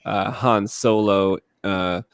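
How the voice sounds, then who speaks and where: A man in casual chat, making dry, deadpan remarks. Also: fairly low pitch, slow pace, clean tone, dry recording.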